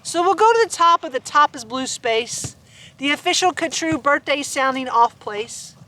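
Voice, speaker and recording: Bright, high-voiced woman reading aloud. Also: expressive, moderate pace, a little hiss or hum. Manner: playful, laughs often, chats to the animals between verses. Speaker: farm owner reading to her animals. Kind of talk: reading a rhyming picture book aloud. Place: outdoors on a farm with sheep and dogs.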